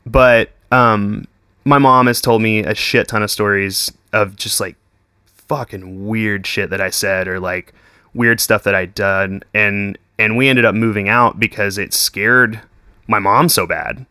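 A man's voice: on the low side, steady tone, measured pace, bright, forceful tone, smooth, no room sound. Dude in his 20s rambling, lots of like and cussing, dry close sound. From Texas. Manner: swears constantly, says "like" and "dude" a lot. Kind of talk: casual chat.

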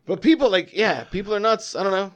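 An animated man telling bar stories on a podcast in a higher, bouncy voice. He swings his pitch widely as he acts out rude customers, and he swears freely in relaxed, casual chat. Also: fast talker. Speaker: podcast regular, bartender.

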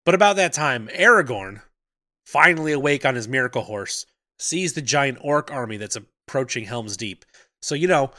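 A man's voice: mid-range voice, expressive, moderate pace, sharp tone, no room sound, studio quality. A man co-hosting a podcast, casually recapping a film's plot and acting out characters' lines for laughs. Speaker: podcast co-host. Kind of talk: casual movie recap chat.

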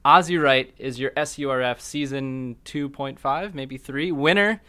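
A man's voice: mid-range voice, a little slow, pushed and bright. A man co-hosting a podcast, cheerfully running through show news and asking sponsors to get in touch. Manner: upbeat, announces show news and plugs. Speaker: podcast co-host. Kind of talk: casual chat.

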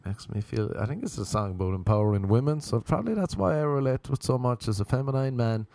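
A man's voice: medium pitch, expressive, quick pace, mellow, no room sound. A young man hosting a podcast, rambling through comic stories, swearing freely and acting out the voices in them. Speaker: podcast host. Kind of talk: casual comedic monologue.

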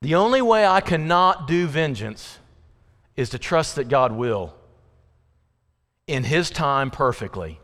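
High-voiced preacher in an echoing church. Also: male voice, lively intonation, fairly bright tone. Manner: impassioned, voice rising into pleading questions and dropping low and slow for emphasis. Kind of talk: sermon. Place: church sanctuary. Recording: long reverb of a church hall.

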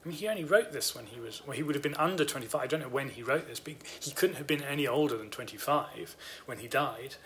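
A man's voice: medium pitch, quick pace, hardly any pauses, fairly bright tone, slight background noise. A man co-hosting a casual podcast about books, explaining his ideas at length with eager enthusiasm. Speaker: podcast co-host.

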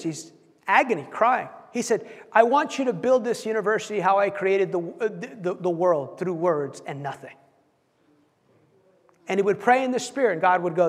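A man's voice: high voice, moderate pace. Guy preaching, tells stories, acts out the quotes, trips over words, long hall echo. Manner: animated, acts out quotes, stumbles and repeats words. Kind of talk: sermon storytelling.

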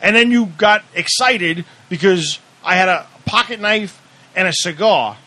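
A man's voice: high-pitched, measured pace, pushed and bright. A man in his thirties telling a story in casual chat, heated, swearing a lot and rambling. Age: 30s.

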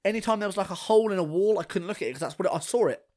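A man co-hosting a casual podcast chat, talking animatedly and restarting his sentences as he gets excited. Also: high voice, rapid-fire. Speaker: podcast co-host.

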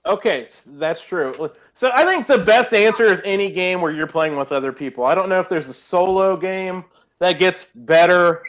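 A man with a high voice hosts a casual gaming panel. He keeps things brisk and organized, prompting each player for an answer. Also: a bit bright. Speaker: game show host. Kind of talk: hosting a casual panel game.

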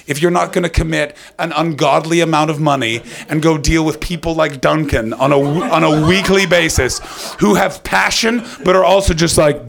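A man's voice: fairly high pitch, fairly even intonation, normal speed, vocal fry, hardly any pauses, fairly bright tone. A man with a North American accent hosting a comedy podcast, talking in rambling, sarcastic, profane banter. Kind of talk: casual comedic chat.

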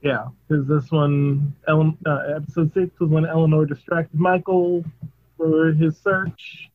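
A man's voice: a little high, flat delivery, a little slow. A man co-hosting a podcast in casual chat, easygoing and often laughing. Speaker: podcast co-host. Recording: dull muffled audio.

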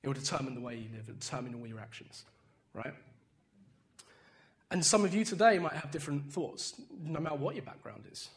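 A young man with a high voice preaches in a loose, conversational way. He restarts phrases, doubles his words and keeps checking in with the congregation. When he retells the story, his voice climbs into animated bursts. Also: brisk. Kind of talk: informal sermon.

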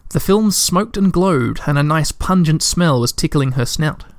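Man reading a kids' storybook aloud, calm and even, a bit high-pitched, dry close sound. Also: a little slow, no room sound. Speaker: narrator.

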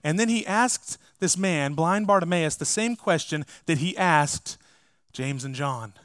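A man's voice: fairly high pitch, lively intonation, measured pace, a bit bright, no echo. A man preaching a sermon as pastor, emphatic and speaking straight to his congregation. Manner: emphatic, addresses the congregation directly.

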